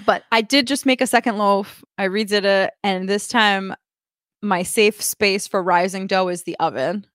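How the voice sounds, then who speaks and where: A woman co-hosting a podcast in casual chat, telling lively anecdotes and acting out what people said. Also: medium pitch, moderate pace, no room sound, clean studio sound. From United States. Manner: animated storyteller, acts out quotes with laughs. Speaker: podcast co-host.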